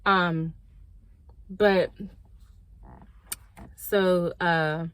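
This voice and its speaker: A woman's voice: lowish voice, very slow, clean tone. A woman vlogger telling a personal story in a casual, slangy way, acting out what people said and talking straight to her viewers. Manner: animated storytelling, acting out quoted dialogue; slangy, direct, addresses viewers as y'all. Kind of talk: storytime vlog.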